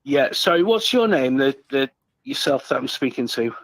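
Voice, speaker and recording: A man calling in to a live stream, speaking in a halting, hesitant way with lots of fillers and some swearing. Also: medium pitch, animated, fairly bright tone, no room sound, rough recording. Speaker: caller. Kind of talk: casual call-in chat.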